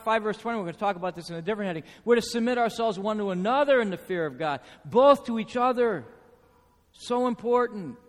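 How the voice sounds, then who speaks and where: A man preaching a sermon to his congregation, emphatic, repeating key phrases and asking the room questions. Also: high voice. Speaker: pastor. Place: church sanctuary. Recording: reverberant church hall.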